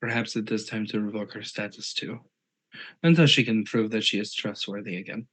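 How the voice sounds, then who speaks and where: A man voicing a calm, authoritative vampire prince in a tabletop role-play game. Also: fairly low pitch, brisk. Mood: stern.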